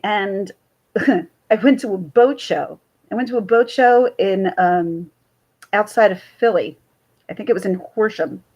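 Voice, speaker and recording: A woman from central New Jersey with a medium-pitched voice hosts a casual livestream, heard in a rough recording. She rambles chattily to her chat, jumping from one story to the next.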